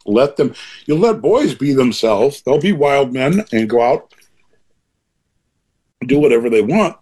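Older man, interview guest; husky, middle-pitched voice, earnest and rambling. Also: sing-song, measured pace, a little mellow. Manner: earnest, rambling with frequent restarts and asides. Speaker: author guest being interviewed. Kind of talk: reflective interview talk.

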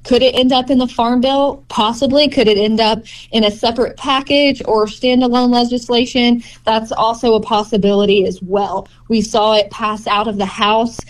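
A woman, a farm group's policy director, giving measured, informative answers in a radio interview. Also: medium pitch.

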